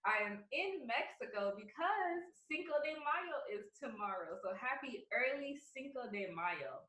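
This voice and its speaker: A woman's voice: on the high side, lively intonation, measured pace, bright, forceful tone. A woman teacher opening a video lesson in a chatty, upbeat way. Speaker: first grade teacher. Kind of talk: casual video lesson intro. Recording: echoey, from a distance.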